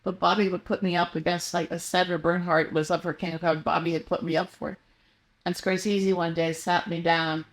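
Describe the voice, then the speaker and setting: A woman's voice: fairly low pitch, level tone, fairly quick. Older female guest, loose and rambling storyteller, lots of ums and self-corrections. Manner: rambling, meandering anecdotes with many fillers and restarts. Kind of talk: casual interview storytelling.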